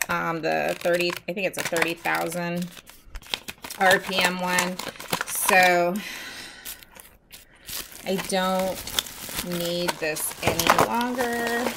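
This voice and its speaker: In a noisy home setting, a woman with a lowish voice chats through a casual show-and-tell vlog. She's a nail artist selling supplies, and she rambles candidly with plenty of fillers while displaying them.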